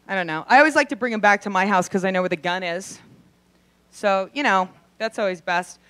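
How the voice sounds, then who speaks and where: A young adult woman performing a brash, profane stand-up set, acting out quick voices in her asides. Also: medium pitch, fairly bright tone, no echo. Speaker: stand-up comedian. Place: comedy club stage.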